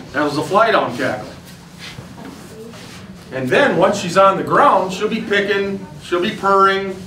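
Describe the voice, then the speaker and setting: Midwest guy explaining turkey calls, kinda high voice, roomy sound, mic a ways off. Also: fairly bright tone, a little hiss or hum. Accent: Upper Midwest American. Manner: plain, folksy, explains step by step. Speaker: turkey hunting instructor. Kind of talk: outdoor demonstration talk to hunters. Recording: roomy sound, voice from a distance, faint ambience.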